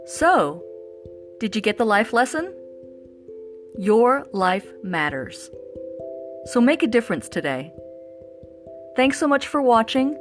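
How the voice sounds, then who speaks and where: A woman's voice: fairly high pitch, very animated, takes it slowly, long pauses, music in the background. A woman vlogger telling a personal story to camera in an earnest, emotional way that chokes up at times.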